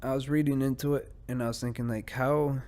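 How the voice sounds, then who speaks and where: Brisk and steady, with a darkish medium-pitched voice, this solo podcast host rants profanely in rambling bursts. He gets distracted easily and trails off mid-sentence.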